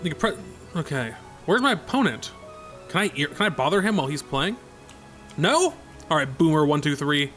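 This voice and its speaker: A man talks through a golf video game in a bright, high voice. He leaps from squeaky yelps to grumbling lows and keeps up a sarcastic, excitable running commentary. Faint music plays underneath. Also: moderate pace, long pauses. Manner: excitable, sarcastic, jumps between high yelps and low mutters. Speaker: gaming YouTuber. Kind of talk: gameplay commentary.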